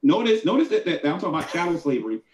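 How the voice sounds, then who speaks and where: A man's voice: on the high side, sing-song, rapid-fire, echoey room, a loud crowd. A man arguing hard in an online debate, combative and repeating his points as he talks over others.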